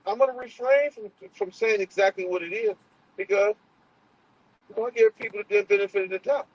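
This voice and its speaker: A livestream host vents in a heated monologue, profane and confrontational, with lots of fillers and restarts. His husky voice sits a little high and he speaks briskly, without echo. The stream audio is muffled and lo-fi.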